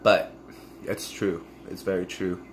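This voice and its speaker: A man's voice: sits low, steady tone, measured pace, a little hiss or hum. A man talking candidly to camera in a raw, profane, emotional monologue about a past relationship. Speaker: vlogger.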